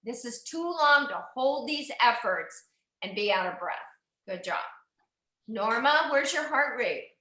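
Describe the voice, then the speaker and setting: A woman's voice: fairly high pitch, expressive, measured pace, bright, forceful tone. A woman coaching an indoor cycling class, upbeat and encouraging, calling out numbers and cheering riders on. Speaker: cycling instructor. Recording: echoey room.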